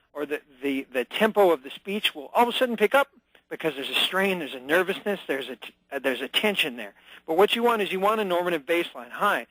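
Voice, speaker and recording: A man speaking as a guest on a talk radio show, his voice sitting a little high. He talks with energy and emphasis, jumping into quick acted-out examples. The sound is close and dry, with no room around it. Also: a bit bright, no room sound, low-quality recording. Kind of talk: phone-in radio interview.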